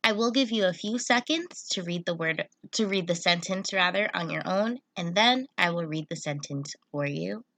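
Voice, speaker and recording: A woman's voice: fairly low pitch, normal speed, hardly any pauses, a bit bright, no room sound. A young woman teacher giving a patient, step-by-step online phonics lesson to children.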